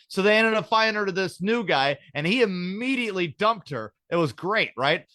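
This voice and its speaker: A man's voice: high voice, animated, brisk, hardly any pauses, sharp tone, no echo. A man hosting a podcast, rambling through stories in casual comedic chat, swearing freely. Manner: profane, rambling storyteller. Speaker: podcast host.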